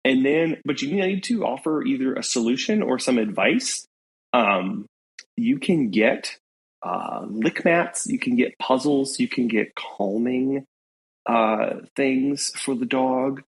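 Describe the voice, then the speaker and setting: A man co-hosting a podcast, giving casual practical advice and listing options in a relaxed way. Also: mid-range voice, takes it slowly, poor audio. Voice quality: gravelly and husky.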